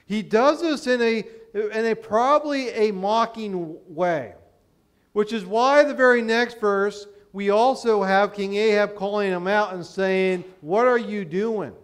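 A man's voice: sits high, measured pace, clean tone. A man from Pennsylvania preaching a sermon in a conversational way, explaining with rhetorical questions.

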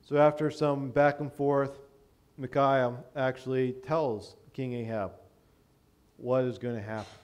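A man's voice: mid-range voice, fairly even intonation, unhurried, a little mellow, smooth. A man from Pennsylvania preaching a sermon in a conversational way, explaining with rhetorical questions.

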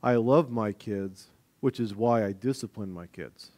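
A male pastor preaches at a measured pace, full of animation. He swings from emphatic volume to low, quiet asides, performing the voices of regular people along the way.

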